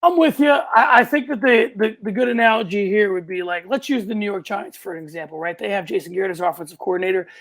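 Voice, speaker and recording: A man co-hosting a casual sports podcast with a gravelly edge to his voice. He talks in an animated, rambling way, often restarting his sentences and breaking into loud outbursts. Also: sits high, fast talker, hardly any pauses. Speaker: podcast co-host.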